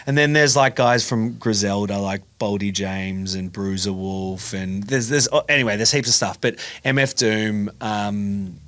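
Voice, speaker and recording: Brief: young guy, lowish voice, animated storyteller on a chat podcast. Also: measured pace, hardly any pauses. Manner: animated storytelling, acting out dialogue. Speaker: podcast guest. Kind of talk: casual podcast conversation.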